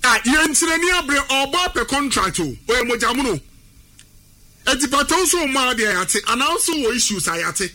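A man with a Ghanaian accent giving animated sports talk, emphatic and repetitive, drifting into a sing-song delivery. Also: extremely high pitch, fairly quick. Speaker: sports pundit. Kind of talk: animated sports talk mixing Twi and English.

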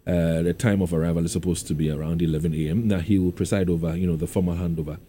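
A man presenting on radio, chatting casually about the day's news and reading sponsor notes, with a relaxed manner and lots of "you know". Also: low voice, fast, slight background noise. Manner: relaxed, filler-heavy with frequent "you know". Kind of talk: casual studio discussion.

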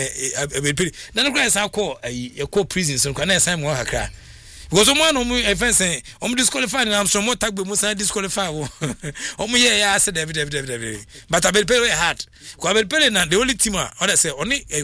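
A Ghanaian man holds forth about football on a radio show. His voice sits a little high and sounds bright and forceful. He rambles excitably and breaks into laughter. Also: fast talker, no room sound. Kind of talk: casual radio talk.

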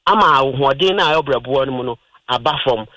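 A man's voice: mid-range voice, fast talker, bright, forceful tone, dry recording, rough recording. A Ghanaian man hosting a radio health talk, explaining in plain terms and mixing in English words.

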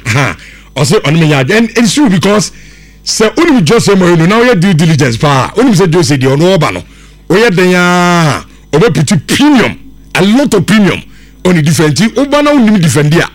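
A man hosting a sports radio show, reading out listener messages in a brisk, casual way. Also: high voice, very animated.

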